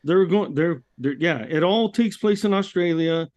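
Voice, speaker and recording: A man's voice: high-pitched, moderate pace, darkish tone, no room sound. Laid-back American man, dry close sound. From United States. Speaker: podcast host. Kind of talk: casual chat.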